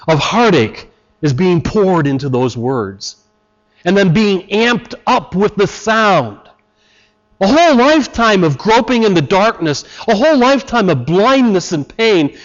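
A man preaching a sermon with passion, acting out loud cries and dropping to quiet, earnest tones. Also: sits high, highs cut off. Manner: impassioned, dramatic, acts out cries. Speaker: pastor.

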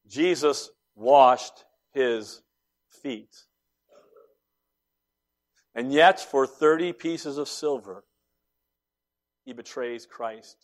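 A man preaching a sermon, retelling events dramatically and voicing each character, moving between loud emphasis and hushed lines. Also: medium pitch. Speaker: pastor.

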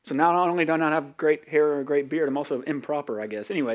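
This is a man with a Southern accent giving a sermon from the pulpit. His voice sits a little high for a man. He keeps it conversational and pokes fun at himself as he teaches. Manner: conversational, self-deprecating, with quick acted asides. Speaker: pastor.

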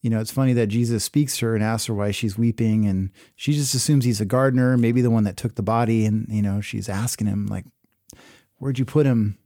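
A man giving a sermon, reading scripture aloud and then explaining it in a relaxed, conversational way with many fillers. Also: fairly low pitch, fast, hardly any pauses, no room sound, studio quality. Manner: casual, conversational preaching with fillers. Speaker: pastor.

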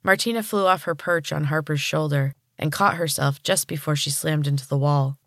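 A woman podcast host reading a story aloud in calm, even narration. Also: deep voice, moderate pace, no echo, studio quality.

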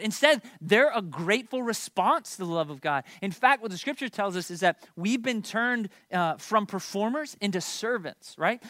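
Animated storytelling man preaching. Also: sits high, no room sound, clean studio sound. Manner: animated storytelling with playful asides to the congregation. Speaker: pastor. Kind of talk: sermon.

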